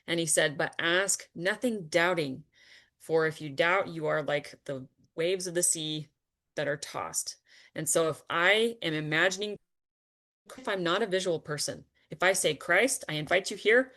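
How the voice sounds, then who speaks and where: Low-voiced woman teaching in earnest. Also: normal speed. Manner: earnest and animated, laughs often, trails off with fillers. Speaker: spiritual teacher. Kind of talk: conversational spiritual discussion.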